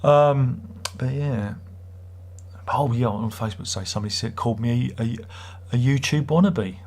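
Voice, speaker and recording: A man's voice: mid-range voice, normal speed, darkish tone. A middle-aged man hosts a livestream, chatting casually and reading viewer comments in a sarcastic, rambling way. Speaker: livestream host.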